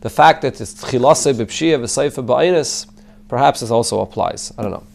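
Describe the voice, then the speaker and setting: A man's voice: mid-range voice, expressive, normal speed, gravelly, darkish tone. A man, a rabbi, teaching a Talmud class, translating the text line by line and explaining it in English mixed with Hebrew and Yiddish terms. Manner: answers students' questions.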